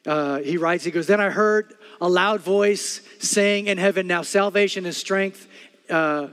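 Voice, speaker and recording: Middle-aged preacher guy, kinda high voice, loud then hushed, big church hall echo. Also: unhurried, clear, resonant tone. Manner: animated storytelling, swings between loud bursts and quiet earnest stretches. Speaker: pastor. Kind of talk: sermon.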